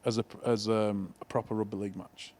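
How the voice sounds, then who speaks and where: A man's voice: fairly low pitch, level tone, fast talker, darkish tone. A man from the North of England co-hosting a podcast, asking curious follow-up questions. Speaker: podcast co-host. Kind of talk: casual podcast chat.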